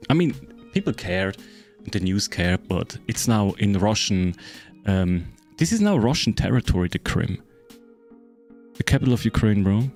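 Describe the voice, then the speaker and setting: A low-voiced German man with a German accent talks in a loose, rambling way. His speech is full of fillers and casual swearing, and he keeps checking in with his listeners. Faint music plays underneath. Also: darkish tone. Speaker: game streamer. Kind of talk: casual chat explaining a map to friends.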